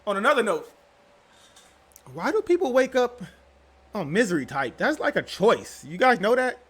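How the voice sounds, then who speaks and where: In a high, sing-song voice with a slightly rough edge and normal pace, a young channel host chats directly with his viewers. His casual vlog talk wanders and leans on slang.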